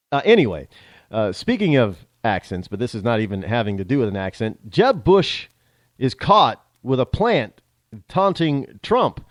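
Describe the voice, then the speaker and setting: Rambling, animated male talk show host. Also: mid-range voice, no echo. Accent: northern American. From northern United States. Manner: rambling, with many restarts and repeated words. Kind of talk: casual solo monologue.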